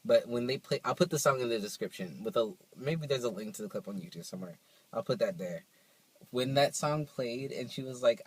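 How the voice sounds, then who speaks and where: A young man chatting to camera in a vlog, telling stories in an animated, playful way, recorded on his phone. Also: medium pitch, normal speed, slightly rough, rough recording. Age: young adult. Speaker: vlogger. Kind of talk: casual chat to camera.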